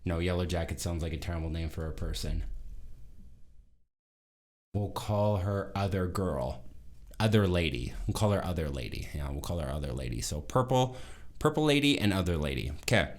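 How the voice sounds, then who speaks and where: A man in his thirties tells a personal story straight to camera in a loose, rambling way, often stopping to correct himself. His voice sits very low. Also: moderate pace. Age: 30s. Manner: rambling, self-correcting, animated retelling. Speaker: vlogger. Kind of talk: casual storytelling monologue.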